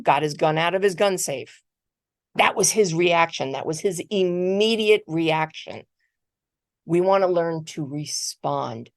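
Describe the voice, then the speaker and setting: A middle-aged woman giving a motivational keynote, telling a personal story in a conversational, animated way and often repeating words. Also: on the low side, no room sound, clean studio sound. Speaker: keynote speaker. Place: virtual conference talk.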